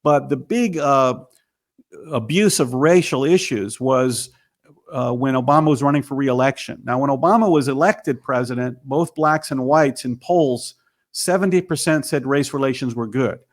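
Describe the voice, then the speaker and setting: A man's voice: mid-range voice, moderate pace. A man, a filmmaker and author, telling his story emphatically as an interview guest.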